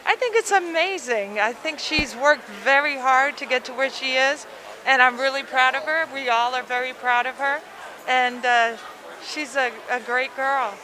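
A woman who is a family friend, speaking in a warm and earnest way during a short airport interview. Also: high-pitched, normal speed, crowd noise, low-quality recording. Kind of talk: casual interview. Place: airport arrivals area.

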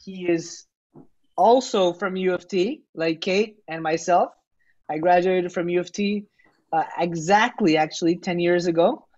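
A measured emcee in their thirties builds up the next comedian with a string of hype lines. The delivery is slow and deliberate, and the audio sounds dull and lo-fi, like an online stream. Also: mid-range voice, darkish tone. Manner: hype introductions. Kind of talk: emcee introduction.

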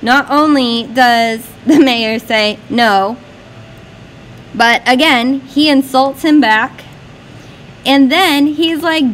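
Chatty, high-voiced woman teacher. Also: slow pace, slight background noise, rough recording. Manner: lively, chatty, asks questions. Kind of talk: lesson annotating a poem.

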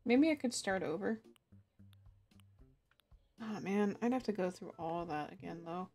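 A woman's voice: medium pitch, lively intonation, a little slow, a little mellow, soft background music. A young woman streamer chatting casually with her viewers, giggling and laughing often. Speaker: game streamer. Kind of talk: casual live-stream chat.

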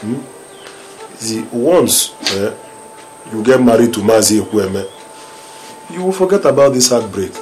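A bossy Nigerian big brother. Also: male voice, on the low side, animated, a little slow, long pauses, rough recording. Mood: coaxing. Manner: coaxing with tag questions "eh?", turning to shouted threats. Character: bossy older brother, pleading then threatening. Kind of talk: Nollywood film drama. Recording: film music behind.

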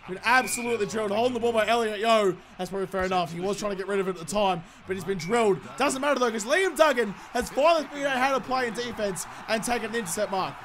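A young man giving excited, sweary gameplay commentary, swinging between shouts and mutters. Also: high-pitched. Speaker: gaming YouTuber.

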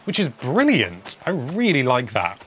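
A man's voice: mid-range voice, huge pitch swings, measured pace, fairly bright tone, a little hiss or hum. A man giving casual, wry commentary over gameplay, chatting and humming as he plays. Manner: wry, chatty, hums while playing. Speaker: game video presenter.

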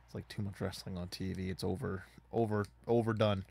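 A man's voice: low-pitched, level tone, brisk, vocal fry, a little mellow, slightly rough. A man casually commenting on a wrestling video game as he plays, rambling and swearing in frustration at it. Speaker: gaming YouTuber.

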